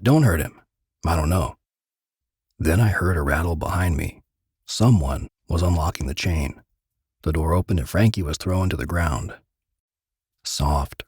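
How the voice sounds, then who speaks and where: A man reading a gritty first-person crime story aloud in measured, dramatic narration. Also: very deep voice, darkish tone, breathy edge, no room sound, studio quality.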